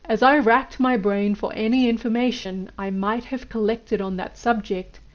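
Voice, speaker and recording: A woman reading a book aloud in a measured, even way. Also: a little high, muffled recording. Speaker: audiobook reader.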